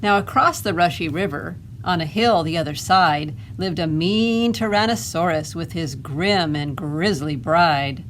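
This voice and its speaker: A woman librarian reading a picture book aloud at children's storytime, expressive and asking little questions. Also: fairly low pitch, a little slow, few pauses, slight background noise.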